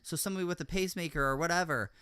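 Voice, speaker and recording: A man's voice: a little high, rapid-fire, bright, forceful tone, smooth, no echo. A man hosting a podcast, speaking in casual and emphatic commentary, often checking in with "all right?". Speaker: podcast host.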